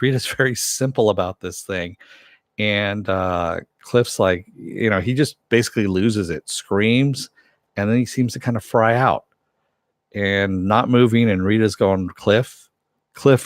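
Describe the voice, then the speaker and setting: A man's voice: fairly low pitch, dry recording, clean studio sound. A man casually recapping a TV episode, rambling with many fillers and self-corrections. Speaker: TV show reviewer.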